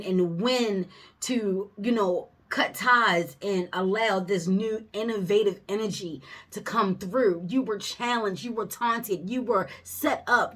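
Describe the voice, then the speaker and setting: A woman giving a casual tarot reading to her viewers, emphatic and animated, swearing freely, laughing often and calling them baby. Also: on the high side. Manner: addresses viewers as baby and y'all. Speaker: tarot reader.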